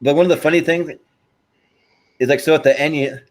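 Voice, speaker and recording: A man's voice: fairly high pitch, fairly even intonation, fairly quick. A man co-hosting a podcast, talking in an easygoing, casual way with hesitant restarts. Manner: easygoing, frequent short agreements and laughs. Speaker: podcast co-host. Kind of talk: casual chat.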